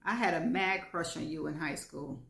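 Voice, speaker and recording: A woman's voice: deep voice, fairly even intonation, normal speed, creaky. Earnest middle-aged man, read by a woman. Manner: earnest, gentle. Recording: roomy echo.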